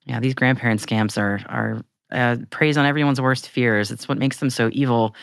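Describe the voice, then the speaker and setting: A woman's voice: rumbling low, fairly even intonation, normal speed, gravelly, no echo, clean studio sound. A woman co-hosting a podcast, reacting in casual chat with teasing banter. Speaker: podcast co-host.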